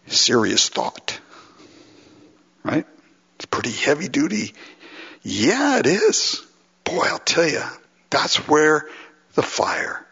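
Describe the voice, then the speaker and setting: A pastor from Los Angeles preaching with a lively, swinging delivery and a slightly husky voice. He acts out heartfelt prayers and keeps chuckling as he goes. The recording is dull and lo-fi, and a long reverb trails off in a large hall. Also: medium pitch. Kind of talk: sermon.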